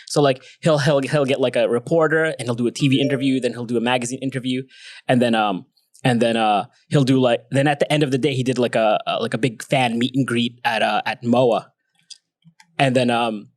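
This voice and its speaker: A man's voice: medium pitch, no room sound. A young man co-hosting a podcast, telling a long rambling story in casual chat, swearing a lot and laughing as he goes. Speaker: podcast co-host.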